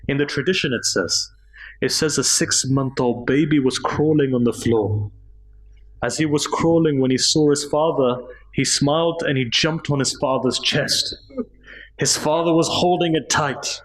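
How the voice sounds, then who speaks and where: In a mosque hall, a man delivers a sermon, telling stories emotively as his voice rises during moving passages. His voice is a little high and measured in pace, on a low-quality recording.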